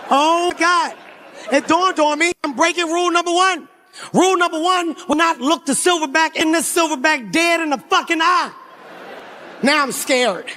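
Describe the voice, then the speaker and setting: A man in his forties telling a profane stand-up story on a live stage, animated and often shouting. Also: extremely high pitch, normal speed. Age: 40s. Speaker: stand-up comedian. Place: live comedy stage before a crowd.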